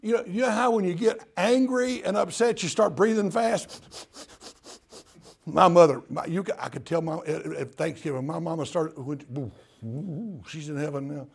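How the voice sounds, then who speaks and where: A man's voice: on the high side, normal speed, creaky, husky. An older man from Tennessee with a Southern accent, preaching a sermon in a folksy, humorous storytelling way.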